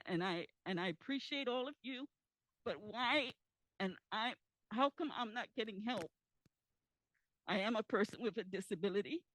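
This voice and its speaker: A woman's voice: fairly high pitch, no room sound, low-quality recording. A woman, giving tearful, impassioned public comment into a handheld mic at a community forum. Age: 50s. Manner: impassioned, pleading, repeats herself. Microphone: handheld microphone.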